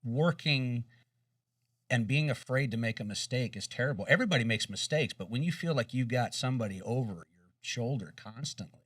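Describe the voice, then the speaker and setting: A man co-hosting a casual chat, measured and emphatic, stuttering a little as he starts. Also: mid-range voice, expressive, fairly bright tone, dry recording. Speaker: co-host. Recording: dry room, distant mic.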